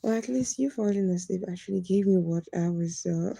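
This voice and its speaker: Woman streamer, teasing and chatty; gravelly, dark voice, dry close sound. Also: fairly low pitch, a little fast, dry recording, low-quality recording. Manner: teasing, chatty, laughs often, greets viewers by name. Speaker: live streamer. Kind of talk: casual live-stream chat reading comments.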